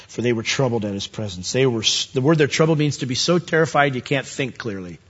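A man preaching a sermon, telling the story with animated asides and acting out the characters. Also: mid-range voice, moderate pace, husky. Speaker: pastor. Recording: dull lo-fi sound.

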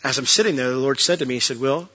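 A man's voice: mid-range voice, rapid-fire, a bit bright, lo-fi sound. A man preaching from a church pulpit, telling personal stories earnestly with frequent restarts and closing in prayer.

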